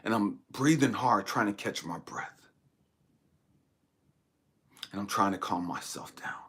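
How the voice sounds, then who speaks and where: A man giving a dramatic personal testimony as a spiritual talk host, swinging from hushed whispers to near-shouts. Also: fairly low pitch, expressive, unhurried, husky.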